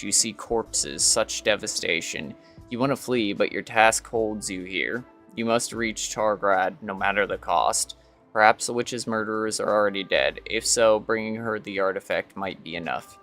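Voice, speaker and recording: A man's voice: lowish voice, a bit bright. A man streaming a game, reading its story text aloud with hesitant fillers.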